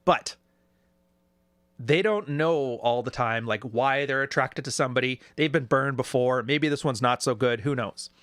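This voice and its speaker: A man's voice: mid-range voice, moderate pace, dry recording. A man giving casual, sarcastic reaction commentary on video clips, often putting on mocking voices. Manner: animated, sarcastic, does mocking quoted voices. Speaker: YouTube commentator.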